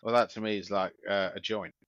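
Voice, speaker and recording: A middle-aged man with a London accent, co-hosting a podcast in casual chat, blunt and dry and quick to swear. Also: lowish voice, fairly even intonation, fairly bright tone, clean tone, no echo, lo-fi sound. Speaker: podcast co-host.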